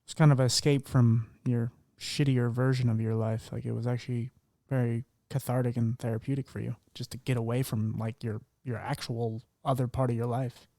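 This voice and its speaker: A man's voice: mid-range voice, little pitch movement, moderate pace, dark tone, no room sound, clean studio sound. A man hosting a podcast interview, chatting casually in a rambling way with many fillers. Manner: rambling, filler-heavy storytelling. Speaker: podcast host.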